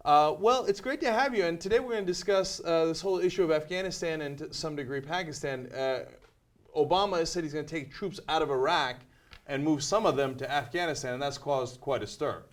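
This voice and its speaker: A man hosting a political web talk show, talking in an energetic, animated way with plenty of fillers. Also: on the high side, fairly quick. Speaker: show host.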